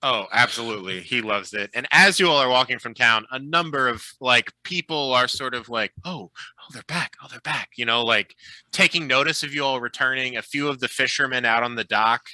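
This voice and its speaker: Guy running a tabletop game, super bright voice, dry close sound, laid back with lots of ums. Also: medium pitch, fairly quick, no echo, low-quality recording. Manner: relaxed, chatty, with frequent fillers. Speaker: game master.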